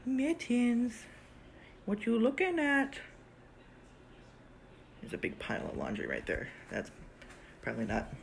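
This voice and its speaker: A young man chats to his cat in a casual home vlog, his pitch leaping from squeaky coaxing to mutters. His voice is lively and full of swings. Faint room noise sits behind the recording. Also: creaky. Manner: swings between high baby-talk cooing at the cat and low grumbling asides. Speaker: vlogger filming his cat.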